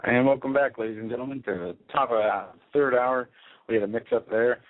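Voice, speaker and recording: A man's voice: medium pitch, brisk, dry recording. A man co-hosting a talk radio show, blunt and teasing. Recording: tinny phone-like internet radio.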